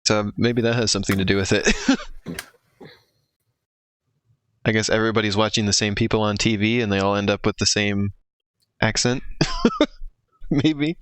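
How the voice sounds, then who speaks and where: A man's voice: fairly low pitch, normal speed, pauses often, a bit bright, clear, resonant tone, no room sound. An American man in casual stream chat, rambling with lots of "like" and frequent laughter. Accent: general American. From United States. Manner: chatty, lots of "like", laughs often. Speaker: streamer co-host.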